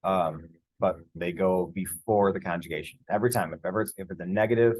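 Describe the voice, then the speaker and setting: A man teaching Spanish grammar over slides, relaxed and conversational, with frequent fillers and restarts. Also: low voice, fairly quick, rough recording.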